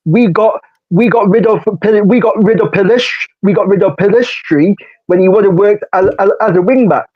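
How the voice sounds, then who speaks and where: A man's voice: high-pitched, moderate pace, muffled recording. A man co-hosting a casual football podcast who rants in slangy, repetitive bursts. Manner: ranting, repeats phrases, slangy. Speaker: podcast co-host.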